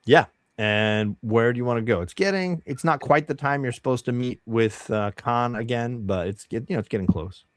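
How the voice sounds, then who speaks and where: A man narrating as dungeon master in a relaxed, rambling way with many fillers. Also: medium pitch, moderate pace, hardly any pauses, no echo. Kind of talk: narrating a tabletop game.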